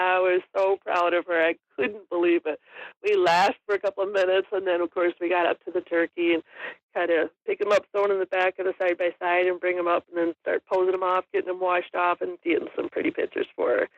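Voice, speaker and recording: A woman's voice: fairly low pitch, steady tone, fast, dry recording. A woman guest telling a hunting story in a casual interview, chatty and laughing often. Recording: dull lo-fi audio.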